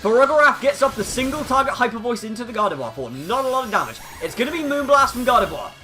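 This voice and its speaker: A man giving excitable live commentary over his own competitive video game battle. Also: extremely high pitch, fast talker, faint music behind. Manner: excitable, hyping up big plays.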